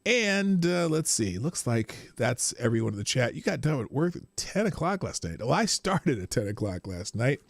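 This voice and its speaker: A man's voice: mid-range voice, very animated, moderate pace, few pauses, no room sound. A man hosting a casual live stream, rambling about his day and greeting viewers by name. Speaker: livestream host.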